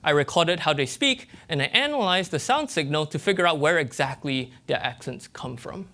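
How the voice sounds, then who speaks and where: A young graduate student with a Malaysian English accent gives a lively, explanatory TED-style talk, checking in with his audience. His voice is a little high and he speaks at normal speed.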